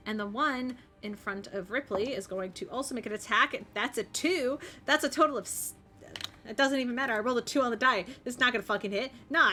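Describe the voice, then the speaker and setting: A woman's voice: a little high, bright, forceful tone. A young woman narrating as game master of a tabletop game, chatty and full of fillers. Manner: chatty, lots of um and like.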